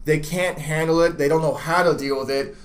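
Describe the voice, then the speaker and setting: A man's voice: fairly high pitch, fairly even intonation, fairly quick. A man hosting a dating-advice talk show, casual, blunt and profane, often talking over his co-host. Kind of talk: casual chat.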